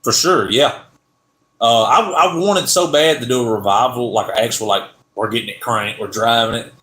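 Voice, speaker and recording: A man's voice: medium pitch, normal speed, fairly bright tone. Rambling Southern man in an echoey room. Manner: rambling, trailing off mid-sentence. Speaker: car channel livestream host. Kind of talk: casual livestream chat.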